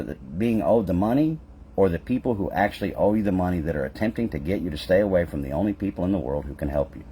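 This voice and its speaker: A man's voice: sits low, mellow, slight background noise. A man who owns a public adjusting business, speaking straight to his audience in a fervent address full of rhetorical questions. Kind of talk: impassioned direct-to-camera address.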